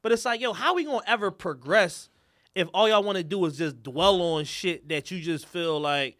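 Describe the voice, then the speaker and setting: Guy w a high bright voice pushing his opinion hard, slangy and cussing. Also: normal speed, dry recording, clean studio sound. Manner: emphatic, argumentative, slangy. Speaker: podcast co-host. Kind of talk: casual chat.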